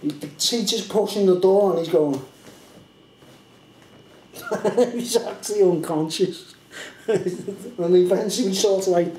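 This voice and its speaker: This vlogger's voice is on the high side but dark in tone, recorded with reverb and a little hiss or hum. He tells his story in a loose, rambling way, laughing a lot and padding gaps with "like" and "you know."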